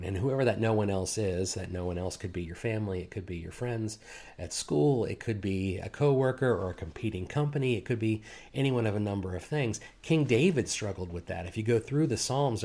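A man preaching a sermon in a relaxed, conversational way, acting out quoted complaints and chuckling now and then. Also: fairly low pitch. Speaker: pastor.

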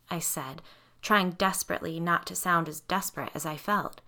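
A woman narrating a horror novel in a steady, even reading voice. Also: on the low side, normal speed. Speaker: audiobook narrator.

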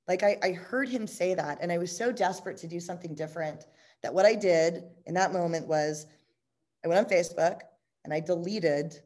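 A woman with a somewhat low voice tells a personal story with raw candor. She talks bluntly and swears freely, scattering "like" and "you know" through her sentences. Her delivery is animated and she laughs easily as she goes.

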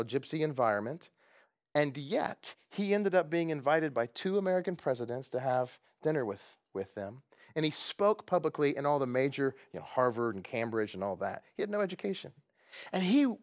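A man preaching as a pastor, animated and jokey, laughing now and then. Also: on the high side. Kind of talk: sermon. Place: church gathering.

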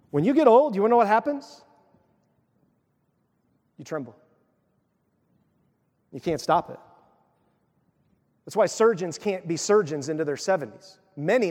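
A man preaching a sermon in a lively, conversational way, breaking into playful acted asides. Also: on the high side, long reverb tail. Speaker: pastor.

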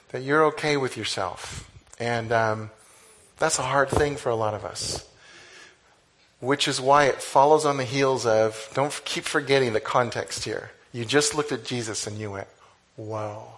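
A man preaching a conversational sermon, animated, with sudden exclamations. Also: mid-range voice, moderate pace. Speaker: pastor.

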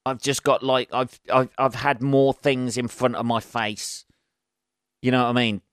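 A man's voice: medium pitch, level tone, a little slow, a bit bright, smooth, no echo, studio quality. A man hosting a solo podcast, rambling through sweary, self-deprecating stories. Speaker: podcast host.

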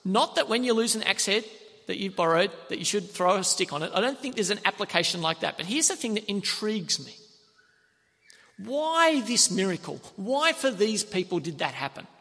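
A man preaches in a lively, animated storytelling style and briefly acts out the characters' lines. His voice sits high and bright. The sound rings with the long reverb of a large hall. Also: normal speed. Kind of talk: sermon.

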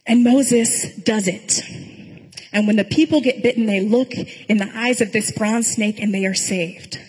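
A pastor giving a sermon in a conversational storytelling way, with dry humor. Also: female voice, fairly high pitch, unhurried, a little mellow, husky, big-room sound, poor audio.

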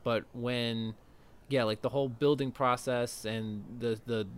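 A man's voice: medium pitch, steady tone, measured pace, clean tone. A man co-hosting a podcast, chatting casually about a film and thinking aloud with plenty of fillers. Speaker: podcast co-host.

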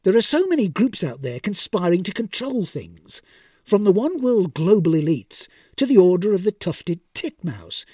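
A man playing a brisk archangel boss. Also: high-pitched, very animated, mellow, breathy edge, dry recording, clean studio sound, distant mic, exaggerated voice. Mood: explaining. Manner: brisk, reasoning, managerial. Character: harried, unflappable male archangel supervisor.

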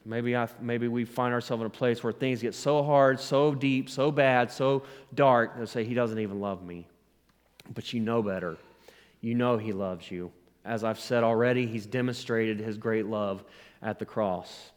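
A man's voice: mid-range voice, steady tone, measured pace, smooth. A man pastor preaching a sermon with rising emphasis, asking the congregation to respond. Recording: long hall reverb.

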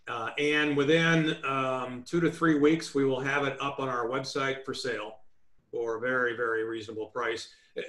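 A man in the middle of an interview, teaching negotiation tactics for real estate. He speaks at a mid pitch, stresses his points firmly and lays them out one by one. His voice carries a clear echo from the room around him. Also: fairly bright tone. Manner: emphatic, instructive, list-like delivery. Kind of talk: remote interview.

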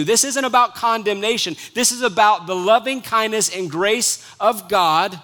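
Pastor, male, high bright voice; earnest sermon delivery with hushed dips and emphatic rises. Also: normal speed, few pauses. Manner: earnest preaching, swings between soft hushed lines and rising emphatic ones.

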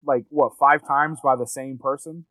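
A man's voice: medium pitch, fairly even intonation, a little slow, fairly bright tone, no echo, rough recording. A man in casual chat, talking bluntly and with strong opinions, swearing often.

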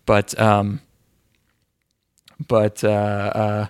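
A man's voice: fairly low pitch, monotone, drawn-out words, clear, resonant tone, no room sound, clean studio sound. A man co-hosting a casual podcast, rambling and swearing, with lots of filler words. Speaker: podcast co-host.

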